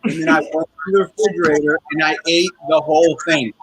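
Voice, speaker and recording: This stand-up comedian speaks fairly quickly in a somewhat high, steady, fairly bright voice, performing a rambling, foul-mouthed set from home in front of his computer. Poor audio comes through the computer microphone of the video call, and he frequently cracks up at his own material.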